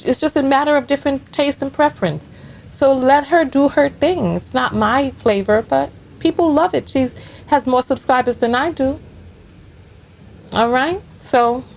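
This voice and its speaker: A woman's voice: high voice, normal speed, creaky, darkish tone, a little hiss or hum. A woman hosting a casual reaction stream, talking in easygoing, chatty asides. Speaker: reaction channel host.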